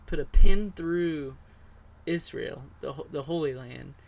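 A man interviewing, thinking out loud, searching for words and often restarting his sentences. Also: a little high, unhurried, vocal fry. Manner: thoughtful, searching for words, repeats himself. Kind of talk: casual conversation.

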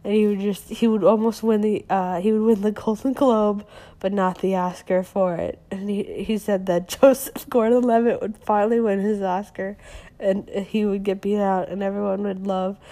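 A young woman talks through a show recap in a loose, meandering way, with her voice sitting at an ordinary middle pitch. She leans on "like" and "um," often restarting her sentences, and sounds relaxed and unscripted. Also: moderate pace. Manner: rambling, heavy use of "like" and "um", frequent self-corrections. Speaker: podcast recapper. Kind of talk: casual recap monologue.

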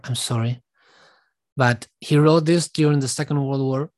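A man shares reflective commentary with his viewers in an earnest, halting way, often starting sentences over. His voice sits in an ordinary middle range. The recording is dry, with no room sound. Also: mid-range voice, steady tone, darkish tone, dry recording. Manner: earnest, halting, with frequent restarts. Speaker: vlogger.

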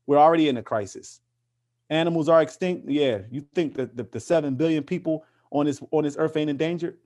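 Brisk and a bit high, with a slightly mellow tone, a male activist answers questions in an easygoing interview. He speaks with fervor and stress, frequently circling back on words to build his point.

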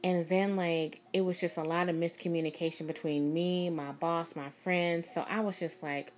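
Woman, low voice, casual rambling storyteller, emphatic and repetitive, close mic. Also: fairly even intonation, moderate pace. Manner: rambling, emphatic, repeats herself. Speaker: vlogger.

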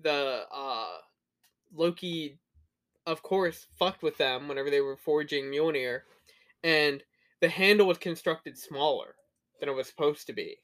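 A man's voice: on the high side, unhurried, fairly bright tone. A young man co-hosting a podcast, telling stories in a laid-back, swearing, casual way. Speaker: podcast co-host. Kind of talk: casual rant.

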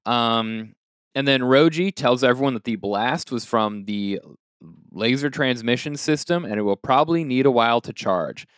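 Smooth-voiced man recapping an anime. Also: mid-range voice, moderate pace, a bit bright, no echo, clean studio sound. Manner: joking, rambling recap with fillers. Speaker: podcast co-host. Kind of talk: casual podcast chat recapping an anime episode.

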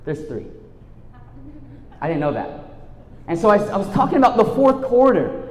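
Male preacher, slightly high voice, animated storyteller turning quiet and earnest, roomy reverb. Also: normal speed. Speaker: youth speaker and teacher. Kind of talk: storytelling sermon. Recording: echoey hall with long reverb.

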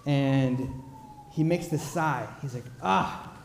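Mellow-voiced male pastor in an echoey hall. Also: mid-range voice, normal speed, a little hiss or hum. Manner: conversational, with frequent fillers. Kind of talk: sermon storytelling. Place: church sanctuary.

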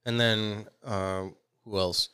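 Low smooth voiced guy rambling on a podcast, lots of ums, dry mic. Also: level tone, slow, pushed and bright, no echo. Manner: rambling with many ums and uhs. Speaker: podcast co-host. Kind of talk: casual chat.

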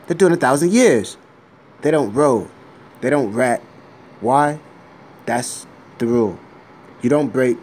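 A man's voice: mid-range voice, animated, slow, pauses often, darkish tone, slight background noise, pitched above the performer's own voice. A man reading a script aloud as a tough older mafia boss who lectures emphatically about loyalty and rules. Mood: stern lecturing.

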